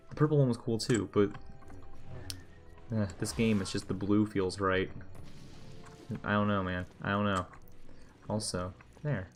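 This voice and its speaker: Low-voiced, swearing gamer guy. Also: fairly even intonation, moderate pace, pauses often, faint music behind. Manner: muttering, profane, sarcastic. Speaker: game streamer. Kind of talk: casual gameplay commentary.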